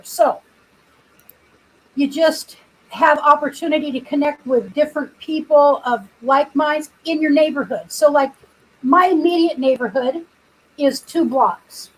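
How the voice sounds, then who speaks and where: Woman streamer, high voice, rambling and chatty, no proper mic. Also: measured pace, low-quality recording. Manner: rambling storyteller, chatty with viewers. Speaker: livestream host. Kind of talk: casual livestream chat. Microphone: computer built-in mic, no external microphone.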